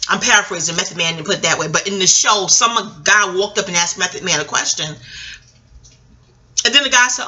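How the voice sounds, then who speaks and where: This is a middle-aged New York woman with a mid-range voice who speaks fairly quickly. She's a vlogger telling her viewers a rambling, profane story in a casual monologue, staying animated, wandering off on tangents and calling them "y'all."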